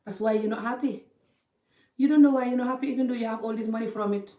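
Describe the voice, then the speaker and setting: Speaking fast in a dark-toned, slightly high voice, this woman delivers an impassioned to-camera monologue of life advice. She's emphatic, repeating phrases for emphasis, with non-native English grammar, and the echoey room leaves her a bit far from the mic.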